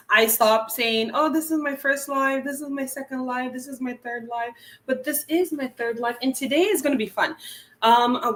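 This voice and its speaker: A woman's voice: fairly high pitch, a bit bright, reverberant. A woman hosting a nature livestream, chatting casually with many fillers and small laughs. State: teary burning eye. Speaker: wildlife channel host.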